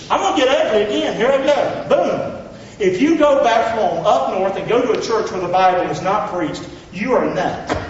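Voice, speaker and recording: A male pastor preaching a blunt, rousing sermon that swings from loud calls to hushed lines. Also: high voice, normal speed, a little hiss or hum. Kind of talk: fiery sermon. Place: large church hall. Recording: echoey hall, distant mic, dull sound.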